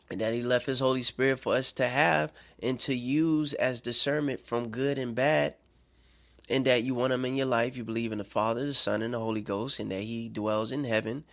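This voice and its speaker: A man giving an informal sermon to listeners, conversational and checking in with them, swinging between rising emphatic stretches and soft, quiet ones. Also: mid-range voice. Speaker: self-made preacher. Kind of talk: informal preaching monologue.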